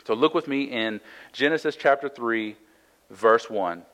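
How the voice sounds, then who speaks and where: Man, pastor, conversational sermon, reads verses then explains, medium pitch. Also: unhurried, a bit bright, lo-fi sound. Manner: conversational, frequent "right?" asides and restarts.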